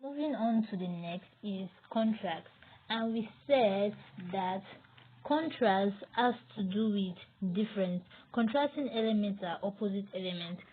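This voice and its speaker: A woman's voice: medium pitch, unhurried. Woman, design tutorial, step-by-step explaining, phone-like sound, faint hiss. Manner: explains step by step while working on screen. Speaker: design teacher. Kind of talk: screen-recorded tutorial. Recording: tinny, phone-like audio with faint noise.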